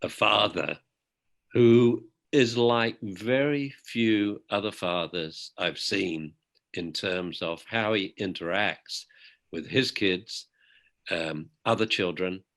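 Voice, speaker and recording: An older man, a guest, telling a personal story in a reflective, emotional way, often halting and restarting. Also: sits low, fairly bright tone.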